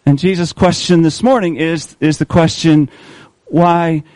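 A man delivering a sermon in a fairly high voice, often posing questions to the congregation and drawing out key words to stress them. The sound is close and dry, with almost no room echo. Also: darkish tone. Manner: asks the congregation questions, slows for emphasis. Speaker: preacher.

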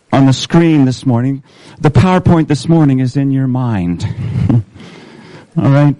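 A man's voice: medium pitch, dark tone, no room sound, low-quality recording. A man, a pastor, preaching a sermon in a church service, leading listeners through a story in the second person, earnest and repeating words as he restarts.

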